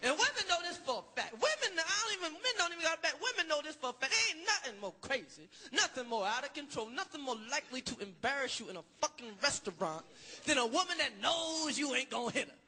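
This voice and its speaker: A male stand-up comedian performing a loud, profane routine that breaks into shouted bursts. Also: extremely high pitch, sing-song, fast talker. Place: comedy stage before live audience. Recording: live show with roaring crowd and noise.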